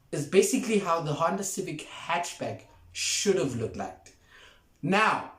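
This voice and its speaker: Young male car vlogger, emphatic, repeats himself, slightly high voice, echoey room. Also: fairly bright tone. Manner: emphatic, repeats points, laughs often. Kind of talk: casual car review vlog. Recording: roomy echo.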